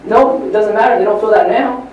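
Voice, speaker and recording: A man giving a live motivational talk, telling stories in an animated, preachy way at a training event in a large hall. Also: sits high, a little fast, dull audio, a little hiss or hum. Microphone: far from the recording mic. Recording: echoey hall from far off.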